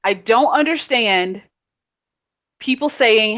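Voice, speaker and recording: A woman's voice: mid-range voice, unhurried, fairly bright tone. A woman co-hosting a casual chat over a video call, ranting in an exasperated way with lots of quoted asides. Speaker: podcast co-host. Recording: muffled video call audio.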